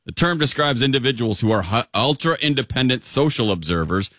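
A man's voice: medium pitch, expressive, a little fast, a bit bright, no echo, clean studio sound. Jokey man radio co-host. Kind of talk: comic radio segment.

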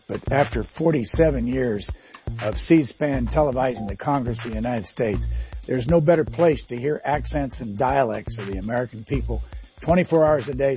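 Man, TV host, mellow dark voice, dull audio, faint music behind. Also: medium pitch. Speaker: television interviewer, host. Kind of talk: interview questions.

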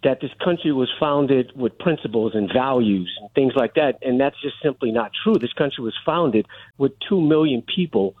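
A man's voice: mid-range voice, lively intonation, moderate pace, husky. A middle-aged man calling in to a radio talk show, making his argument insistently and holding the floor. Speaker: caller. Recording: tinny phone line.

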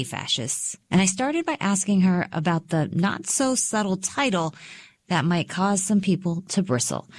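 A woman news host reading a scripted feature in a clear, measured way. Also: lowish voice, darkish tone, no room sound.

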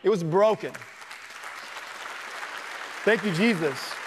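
A man's voice: high voice, slow, crowd noise, background noise. A man preaching a sermon in a church, telling stories and acting out the voices of the people in them. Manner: storytelling, acts out quoted dialogue. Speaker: pastor. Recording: long reverb in a church hall.

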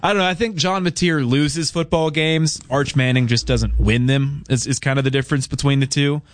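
A man's voice: medium pitch, steady tone, moderate pace. A man on a sports talk radio show, giving thoughtful, conversational football analysis. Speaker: radio co-host.

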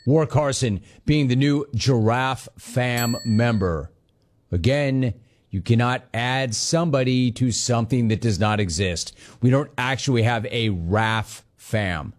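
Man, sports talk host, casual chat, joking riffs on viewer comments, mid-pitched voice. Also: unhurried. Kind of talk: casual chat reading listener messages.

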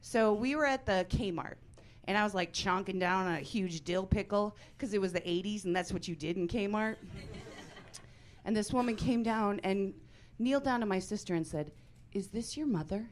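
A woman in her forties performing a brash, deadpan stand-up comedy set on stage. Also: medium pitch, moderate pace. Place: stage in front of a live audience.

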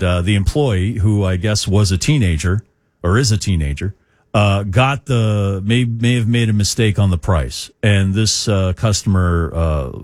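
A man's voice: low voice, a little mellow, dry recording, clean studio sound. A man hosting morning rock radio, chatting in a rambling, opinionated way with lots of fillers. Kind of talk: radio talk. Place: radio studio. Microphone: studio microphone.

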